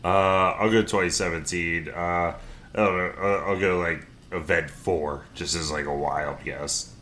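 Bright-voiced laid-back man. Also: sits low, steady tone, a little slow, slight background noise. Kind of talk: casual podcast chat.

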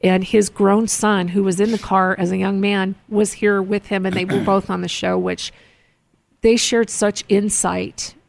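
A woman's voice: mid-range voice, level tone, measured pace, vocal fry, dry recording. A woman hosting a casual studio chat, telling personal stories earnestly with frequent restarts. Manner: earnest, storytelling, many restarts. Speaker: host. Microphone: close mic in a studio.

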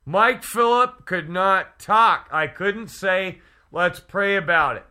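Casting: male pastor, earnest testimony, unhurried delivery, slightly high voice. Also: sharp tone. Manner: slow, earnest, emphatic storytelling. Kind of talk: storytelling testimony.

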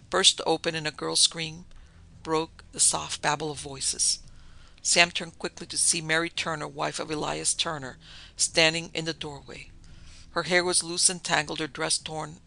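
Bright, gravelly male storyteller. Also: fairly high pitch. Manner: vivid, dramatic storytelling. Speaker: narrator. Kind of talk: dramatic storybook reading.

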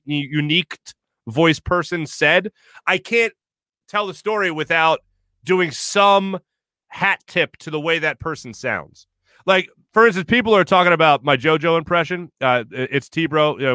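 A man hosting a sports radio show in a chatty, rambling way, reading viewer comments between asides. His voice is bright and a little higher than most men's. The sound is dry and close, with no room around it. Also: dry recording. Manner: rambling, chatty, self-interrupting with fillers; reads listener comments aloud. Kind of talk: casual sports talk show.

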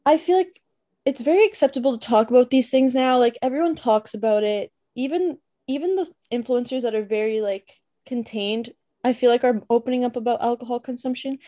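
Mellow-voiced young woman telling party stories. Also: a little high, a little fast. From Canada. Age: young adult. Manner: chatty, lively, lots of "like" fillers. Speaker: podcast co-host. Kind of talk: casual storytelling chat.

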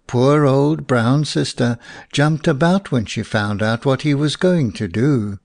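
Guy reading a folk tale audiobook, unhurried, expressive, dry studio. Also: mid-range voice, vocal fry, no room sound. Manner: slow, expressive storytelling. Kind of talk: audiobook narration.

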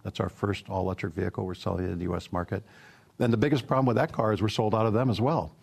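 A gravelly-voiced, middle-aged automotive executive answers interview questions in an easygoing, anecdotal way, with plenty of fillers. His voice is low and darkish, with fairly even intonation and a fast pace.

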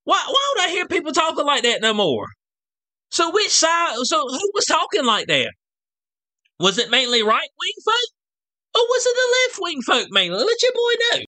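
A man's voice: very high-pitched, huge pitch swings, normal speed, sharp tone. A man giving a casual, slang-heavy commentary rant as a vlogger, full of rhetorical asides and check-ins with his viewers. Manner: slangy, rhetorical, keeps asking "you know what I'm saying".

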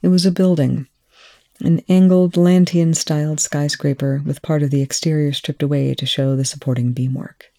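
An audiobook reader narrating a story in a measured, even way. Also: medium pitch. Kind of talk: fan fiction audiobook narration.

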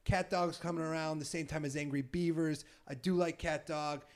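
A young man hosts a podcast in a loose, playful chat, needling his guest and breaking into laughter a lot. His voice sits a little high for a man. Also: fairly even intonation, moderate pace. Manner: teasing, laughs often. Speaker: podcast host. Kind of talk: casual chat.

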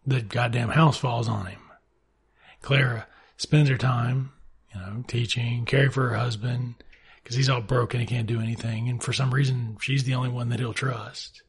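A man retells a novel's plot in a casual, sarcastic recap loaded with profanity and an offhand attitude. His voice is medium in pitch and slightly rough.

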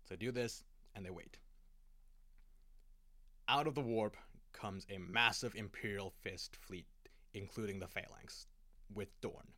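A man casually retelling a long story to a friend, rambling with restarts and quick acted quotes. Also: fairly low pitch, bright, forceful tone, no echo, studio quality. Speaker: lore explainer.

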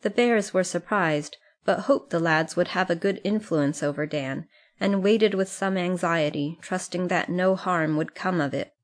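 A woman narrating an audiobook in a calm, even reading voice. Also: on the low side, unhurried. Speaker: audiobook reader. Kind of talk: scripted narration.

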